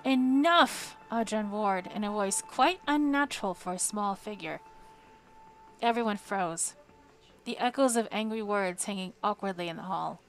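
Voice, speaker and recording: A woman narrating a fantasy novel on a live stream in a measured, dramatic reading voice. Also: mid-range voice, faint music behind. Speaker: audiobook reader on a live stream. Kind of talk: audiobook narration. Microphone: home streaming microphone.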